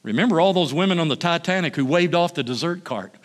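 A male pastor giving a sermon, lively when he tells stories and hushed and slow when he prays. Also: on the high side, a little hiss or hum.

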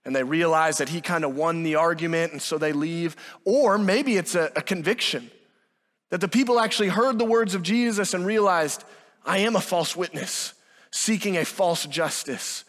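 A man's voice: on the high side, moderate pace, fairly bright tone, big-room sound. A man preaching a sermon with emphatic delivery, acting out quoted dialogue. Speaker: pastor.

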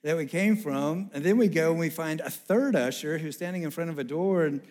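A man delivers a sermon story in a slightly high voice. He tells it in an animated way and slips into the voices of the people in the story. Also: fairly quick.

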